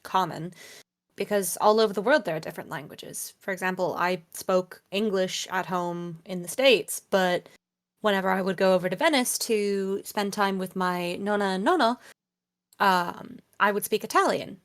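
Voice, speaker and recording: A woman's voice: mid-range voice, moderate pace, close to an everyday voice. A woman voicing a friendly young male cartoon character who explains things in a chatty way. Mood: explaining. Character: friendly young male toon, raised bilingual.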